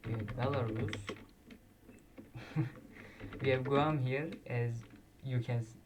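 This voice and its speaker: A man's voice: mid-range voice, fairly even intonation, slow pace, noisy background. A man casually commenting while playing a flag quiz, thinking aloud and correcting himself. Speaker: quiz video creator. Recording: distant mic with loud keyboard typing. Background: keyboard clicks and typing.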